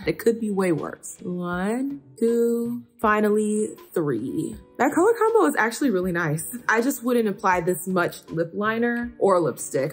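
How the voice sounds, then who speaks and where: A young woman doing a casual makeup tutorial as a beauty vlogger, counting layers aloud in a playfully exasperated way. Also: mid-range voice.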